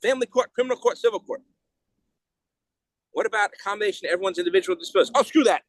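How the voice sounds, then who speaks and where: A man speaking as a podcast guest in a heated, rapid way, often restarting and repeating words. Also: sits high, dry recording. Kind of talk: casual interview talk.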